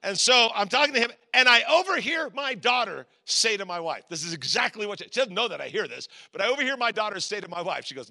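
Male pastor, 40s, gravelly and very bright; lively storyteller who acts out voices and breaks into shouts. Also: sits high, fast talker, few pauses. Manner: animated storyteller acting out voices, sudden shouts. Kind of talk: storytelling sermon.

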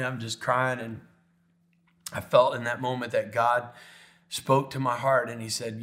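A middle-aged male pastor tells a personal story from the pulpit. His voice moves between animated, laughing storytelling and soft, hushed, tender moments. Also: mid-range voice, a little slow, pauses often. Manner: emotional, animated storytelling, drops to near whisper when tender. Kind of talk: sermon storytelling.

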